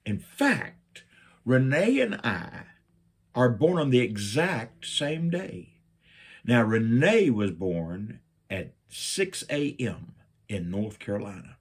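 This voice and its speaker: A middle-aged man from Virginia, telling a personal story and acting out his own lines with big jumps up in pitch. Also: takes it slowly, breathy edge. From Virginia, USA. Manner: animated, jumps up in pitch when quoting himself.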